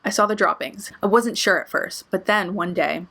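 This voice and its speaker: A woman's voice: medium pitch, normal speed, gravelly, bright, forceful tone, slightly rough. A young adult woman vlogger telling a story in a casual way, swearing a lot and using many filler words. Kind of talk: storytime vlog.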